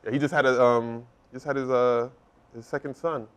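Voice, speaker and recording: A man's voice: mid-range voice, steady tone, normal speed, fairly bright tone, clean tone. A man in his thirties, a former wrestler and guest on an interview, talking in an easygoing, agreeable way and often restarting his sentences. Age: 30s. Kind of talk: casual interview.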